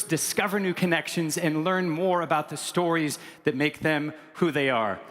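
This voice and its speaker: A man's voice: high-pitched, sharp tone. A man hosting an onstage interview, enthusiastic and playful. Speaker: event host. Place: large convention hall stage. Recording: long hall reverb.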